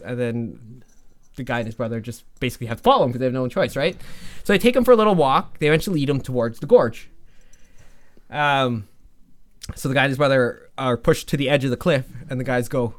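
Smooth-voiced man rambling through a story. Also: medium pitch. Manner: rambling, halting, full of fillers and restarts, swears freely. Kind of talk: casual spoken storytelling.

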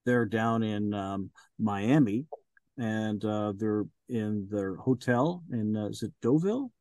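A man's voice: on the low side, slow pace, warm tone, no room sound. A man who narrates audiobooks, chatting as an interview guest in a rambling, hesitant way with lots of fillers. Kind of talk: casual interview chat.

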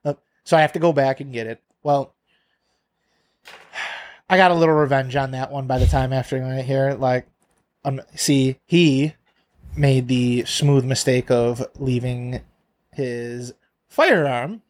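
A man co-hosting a podcast, telling a workplace story in a casual, profane, animated way. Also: medium pitch, a little slow, long pauses. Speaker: podcast co-host.

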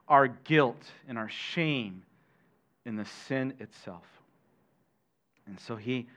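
A middle-aged man preaching a sermon as pastor, animated, questioning his listeners and adding jokey asides. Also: on the high side, slow pace. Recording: dull lo-fi sermon recording.

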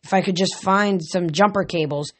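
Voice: mid-range voice, moderate pace, lightly acted. A scruffy, bearded male river god who grumbles, scoffs and sulks, as an audiobook reader puts him on. He sounds put-upon and surly. The voice sits slightly below the reader's own narration. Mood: grumbling. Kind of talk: audiobook reading.

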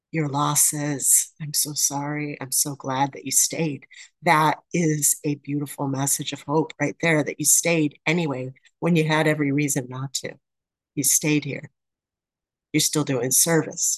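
Low-pitched woman, supportive and effusive, dry close sound. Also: no echo. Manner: warm-hearted, effusive. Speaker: meeting member sharing. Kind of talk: supportive share at a support meeting. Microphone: video call.

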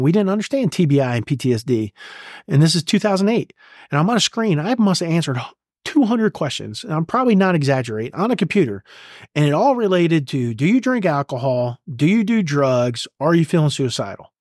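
This interview guest, a middle-aged American retired command sergeant major, speaks in a voice on the higher side. His emotional retelling is blunt and full of profanity. The sound is studio grade, without any room sound.

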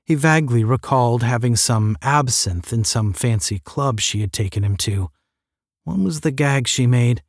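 A man narrating a science fiction audiobook in a steady, measured reading. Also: medium pitch, dry recording, studio quality.

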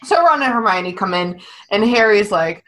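A woman co-hosting a podcast, animated, laughing often and swearing casually. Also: medium pitch, normal speed, poor audio. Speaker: podcast co-host. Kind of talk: casual book-club chat.

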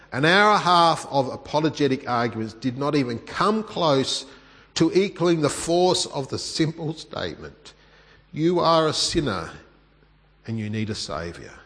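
A man preaching a sermon, telling a personal story with animated emphasis that drops to hushed tones, then leading a prayer. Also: fairly high pitch, in a large hall.

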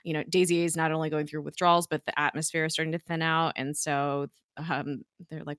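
A woman's voice: low-pitched, a little fast, few pauses, a bit bright, dry recording, clean studio sound. A woman co-hosting a casual show, recapping an episode in a chatty way full of "like" and "um". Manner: chatty, peppered with "like" and "um", giggly. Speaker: podcast co-host recapping a TV episode. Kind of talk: casual chat.

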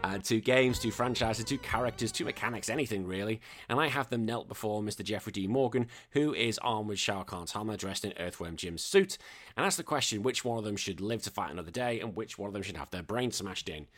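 A man's voice: fairly low pitch, fairly quick, a bit bright, soft background music. A man hosting a podcast in casual chat, joking, swearing and laughing as he reads listener messages. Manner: swearing, jokey, laughs often. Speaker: podcast host.

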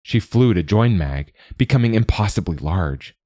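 Deep-voiced man narrating a fairy tale. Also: animated, moderate pace, dark tone, dry recording, studio quality. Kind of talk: scripted storybook narration.

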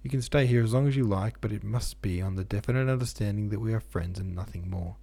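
A man voicing a reserved young man who answers curtly and coldly, in a low gravelly voice. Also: quick pace, warm tone. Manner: curt, restrained.

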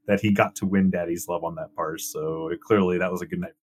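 A young man with a very deep voice chats casually as co-host. He talks in a relaxed, halting way, dropping in ums and uhs as he goes. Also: slight background noise. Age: young adult. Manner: relaxed, hesitant with many ums. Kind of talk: casual chat.

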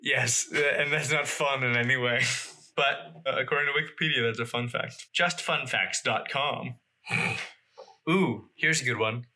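A man's voice: mid-range voice, unhurried, pushed and bright. A man from the Boston area co-hosting a podcast, reading facts aloud in casual chat and laughing often. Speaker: podcast co-host.

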